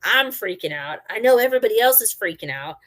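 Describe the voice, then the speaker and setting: A middle-aged woman and former army medic, casually telling a story and acting out her own quotes loudly. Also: a little high, animated, fast talker.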